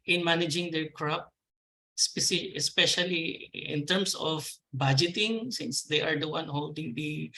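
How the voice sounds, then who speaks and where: Filipino man, fairly high and forceful, courteous and halting as he answers a moderator's questions. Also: poor audio. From Philippines. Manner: polite, addresses the host as ma'am, hesitant with fillers. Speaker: agricultural extension officer.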